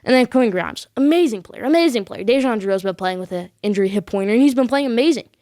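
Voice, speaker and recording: A woman's voice: on the high side, expressive, fast, warm tone, dry recording, clean studio sound. A woman hosting a sports podcast, making emphatic picks and repeating her points for stress. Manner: bold predictions addressed to viewers. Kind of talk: solo sports commentary.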